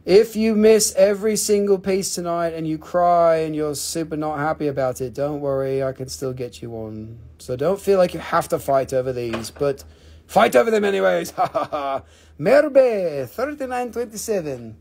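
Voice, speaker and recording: A man's voice: fairly high pitch, expressive, moderate pace, a little mellow. A man hosting a live crystal sale, joking and swearing casually in loose, offhand phrasing. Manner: joking, profane, loose non-native phrasing.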